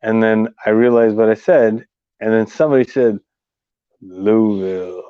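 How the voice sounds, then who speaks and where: A man from California co-hosting a casual livestream chat, blunt and profane, telling animated stories. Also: lowish voice, a little fast, clean tone, no room sound, lo-fi sound.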